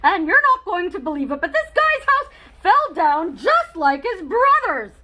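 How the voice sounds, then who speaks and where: A woman's voice: extremely high pitch, sing-song, measured pace, sharp tone, heavily acted, poor audio. A woman reading a children's book aloud as a chatty, wry male wolf telling his side of the story.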